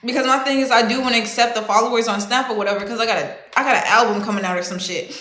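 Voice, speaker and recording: A woman's voice: on the high side, very fast, fairly bright tone, echoey room. A young woman chatting on a livestream, rambling and swearing, with frequent laughs. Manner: rambling, profane, slangy, laughs often. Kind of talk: casual livestream chat.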